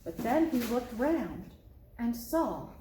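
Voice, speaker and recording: A woman's voice: a little high, slow, a little hiss or hum. A woman, a children's librarian, reading a picture book aloud expressively, recorded in an echoey room. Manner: expressive, storytelling.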